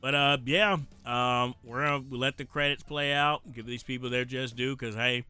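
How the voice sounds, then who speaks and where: Man with a country accent, bright voice. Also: medium pitch, steady tone, clear, resonant tone, faint music behind. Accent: rural American country accent. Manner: rambling, frequent "uh" pauses, easy laughs. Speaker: streamer. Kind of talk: casual gameplay stream commentary.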